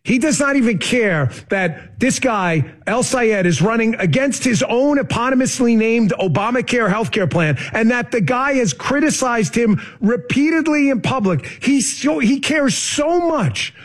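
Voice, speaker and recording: A man with a strikingly high voice leads his political talk show, swinging his pitch up and down as he presses each point. He talks fast and hard, pushing into near-shouts when he gets heated. The delivery is a steady, emphatic rant.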